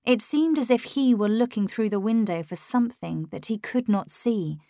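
A woman reading a first-person story aloud in a measured, clear way. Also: on the high side, dark tone, no room sound, clean studio sound. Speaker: narrator.

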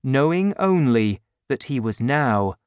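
A narrator reading a storybook aloud at an unhurried pace with clear, expressive phrasing. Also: medium pitch, no room sound, studio quality.

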